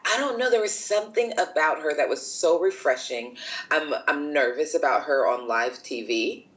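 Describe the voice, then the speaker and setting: A frank American woman co-hosting a casual recap chat, animated and quick to laugh. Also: sits low, highs cut off, music in the background. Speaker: co-host of recap show.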